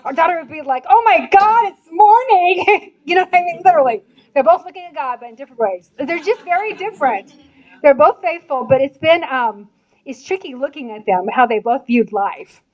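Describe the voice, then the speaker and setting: An older woman from Indiana speaks to a church audience in a chatty, animated way. She often adds laughing asides, and her voice sits fairly high. The recording sounds dull and lo-fi. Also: fairly quick. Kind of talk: church talk.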